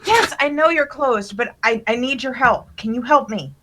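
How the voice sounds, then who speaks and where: A woman's voice: a little high, lively intonation, normal speed, a bit bright. A woman voicing a prim woman who pleads to be let inside, in a tabletop game. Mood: pleading.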